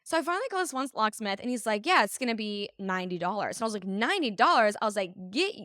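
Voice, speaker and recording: A woman's voice: mid-range voice, fast, dry recording, clean studio sound. A woman in her twenties co-hosting a podcast, telling a story with lots of acted-out quotes and laughter. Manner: animated storyteller, acts out quotes, laughs often. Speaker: podcast co-host. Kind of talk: casual chat, storytelling.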